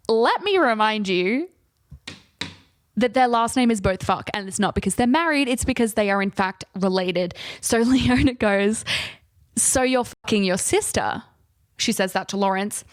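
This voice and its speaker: A woman's voice: medium pitch, dry recording. Sarcastic young woman recapping a book. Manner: sarcastic, swears, laughs often. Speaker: book vlogger. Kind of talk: casual chatty book recap.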